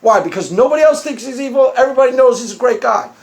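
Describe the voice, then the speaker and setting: High-voiced man arguing a point. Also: fast talker, vocal fry. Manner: animated, acts out quoted dialogue. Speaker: video host. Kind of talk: argumentative monologue.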